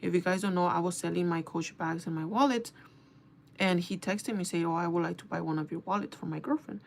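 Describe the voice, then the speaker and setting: Young female vlogger, fry-heavy voice, animated and profane, telling a story to camera. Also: lowish voice, fairly quick, slight background noise. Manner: animated, swearing, quoting herself and others. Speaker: beauty vlogger. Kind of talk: casual storytime rant.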